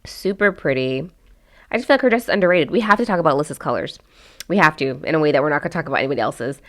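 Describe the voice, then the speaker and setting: A woman with a notably low voice talks through a casual commentary vlog. She is chatty and candid, trailing off and restarting often, with plenty of fillers as she shares frank opinions. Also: a bit bright. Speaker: host.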